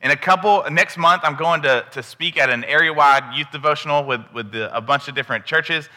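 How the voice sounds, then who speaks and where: A man's voice: a little high, a little fast, sharp tone, in a large hall. A man giving a candid, conversational sermon in a church. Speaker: preacher. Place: church sanctuary.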